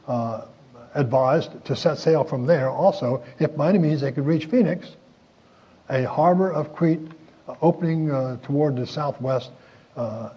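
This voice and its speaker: A man preaching a sermon in a folksy, chuckling way, with many pauses and fillers. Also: on the high side, slightly rough, muffled recording.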